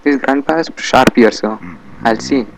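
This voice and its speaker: Gravelly Indian English man doing a comic game dub. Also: medium pitch, normal speed, noisy background. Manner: chatty, bickering, muttering to himself.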